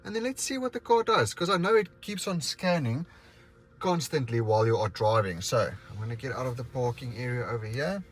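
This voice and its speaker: A man's voice: mid-range voice, animated, a little fast. Chatty man vlogging. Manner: chatty, thinks aloud, addresses viewers. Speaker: car reviewer. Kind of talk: casual vlog walkthrough. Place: outdoors and inside a car.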